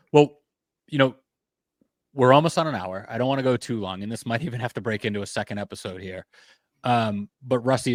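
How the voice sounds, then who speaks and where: A man who is a general contractor hosts a podcast in a casual interview, telling animated stories, swearing casually and laughing at his own tales. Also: on the low side, no echo. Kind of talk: casual interview chat, storytelling.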